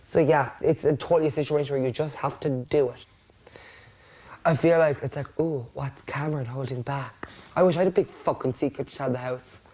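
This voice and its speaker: A woman with a low, deep voice chats in a casual heart-to-heart. She is blunt and reassuring, and she swears freely as she talks. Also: steady tone, fairly quick, mellow. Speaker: housemate.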